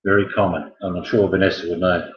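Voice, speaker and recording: A man's voice: low voice, level tone, fast talker. A man hosting a casual quiz, joking and wandering off into chatty asides. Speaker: quiz host. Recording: echoey, muffled room sound.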